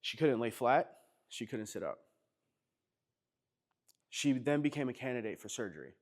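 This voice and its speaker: A man's voice: medium pitch, sing-song, normal speed. A man with an East Coast American accent, a chiropractor telling stories casually to a workshop group, chatty and often laughing as he acts out quotes. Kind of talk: casual storytelling to a live group.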